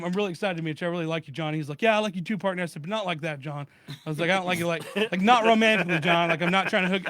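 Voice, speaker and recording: A man in a casual podcast chat with friends, telling a story in an animated way and acting out both sides of phone calls. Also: high voice, no echo. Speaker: podcast co-host.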